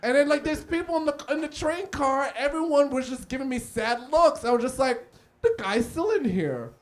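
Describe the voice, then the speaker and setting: A man with a very high voice speaks at a moderate pace, performing live stand-up on a small cafe stage. He's an animated comedian, telling stories and acting out the people in them.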